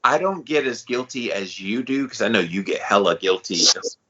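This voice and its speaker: A man co-hosting a podcast, talking in a relaxed, candid, slangy way in casual chat. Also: lowish voice, normal speed, husky, lo-fi sound. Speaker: podcast co-host.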